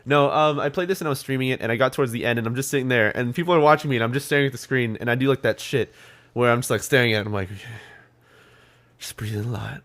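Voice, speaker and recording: A man's voice: medium pitch, very fast, fairly bright tone. A man co-hosting a gaming podcast, telling stories animatedly in casual chat and swearing freely. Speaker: podcast co-host.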